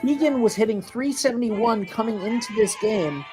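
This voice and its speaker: A man calling a live high school softball game, chatty and jokey, weaving in sponsor reads and getting loud on big plays. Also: moderate pace, music in the background. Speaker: play-by-play announcer.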